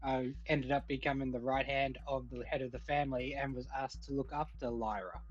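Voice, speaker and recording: A man playing a tabletop game, speaking in a hesitant, relaxed way. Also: medium pitch, fairly quick, slightly rough. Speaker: player. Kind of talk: casual tabletop play. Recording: dull lo-fi mic.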